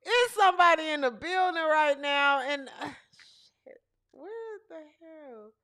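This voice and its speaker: A woman hosting a casual livestream show, speaking with a high, bright voice that swings widely in pitch. She talks at an unhurried pace, chatting loosely with her viewers. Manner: chatty, animated, talks to the live chat and fumbles with her setup. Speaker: podcast host. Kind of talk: casual livestream chat about women's basketball.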